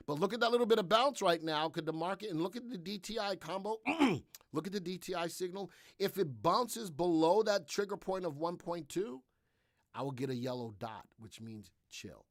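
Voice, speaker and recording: A man's voice: sits high, animated, moderate pace, no room sound, studio quality. A man hosting a live trading room, talking energetically and repetitively through his trades while answering viewers' questions.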